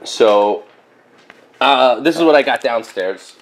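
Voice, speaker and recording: A man's voice: medium pitch, slow pace. Rambling casual male comic collector. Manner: rambling, animated storytelling with many fillers. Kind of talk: casual haul vlog.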